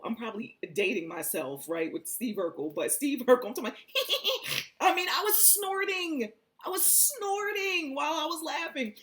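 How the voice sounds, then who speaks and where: A woman vlogger telling a personal story in a casual, giggly way, acting out what people said. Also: lowish voice. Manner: animated and giggly, acting out quotes.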